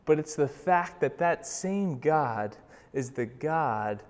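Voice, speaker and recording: Young male pastor, sermon; casual and dynamic, loud then soft, in an echoing sanctuary. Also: a little high, expressive. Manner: swings from loud urgent bursts to slow hushed emphasis; conversational, with fillers and restarts. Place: church sanctuary. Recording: long reverb of a large hall.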